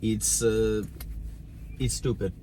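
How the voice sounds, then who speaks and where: A man's voice: on the low side, little pitch movement, takes it slowly, noisy background. A man talking in a casual sit-down conversation, blunt and ranting, swearing freely. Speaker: volunteer driver and channel host.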